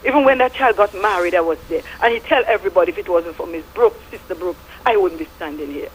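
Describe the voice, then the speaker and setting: A woman's voice: fairly low pitch, fast talker, a little hiss or hum, low-quality recording. A middle-aged woman with a Statian Caribbean English accent, calling in to a radio show and giving fervent, preachy testimony with biblical references. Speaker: radio caller. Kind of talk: impassioned call-in testimony.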